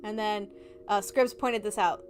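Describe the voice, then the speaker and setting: A woman's voice: mid-range voice, steady tone, unhurried, soft background music. A young woman chatting casually on a livestream, bubbly and giggly, acting out little reactions. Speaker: vtuber streamer.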